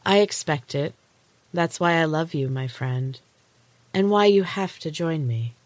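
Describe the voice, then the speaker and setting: A woman reading a story aloud, voicing a menacing supernatural woman who talks in a low, gentle, teasing way. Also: animated, a little slow, no echo. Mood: quiet menace.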